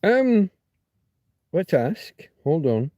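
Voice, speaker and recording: Slow, mellow-voiced man chatting. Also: on the high side, big pitch swings, no room sound. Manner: chatty, swears, muses aloud while reading. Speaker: livestream host. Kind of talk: rambling casual livestream chat. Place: home, Torrevieja.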